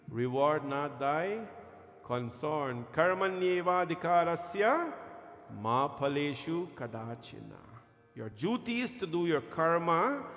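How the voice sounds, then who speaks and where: In an echoey temple hall with music playing, a man with a fairly high, gravelly voice gives a sermon as a temple pandit. His chanting of Sanskrit verses grows more fervent as he goes.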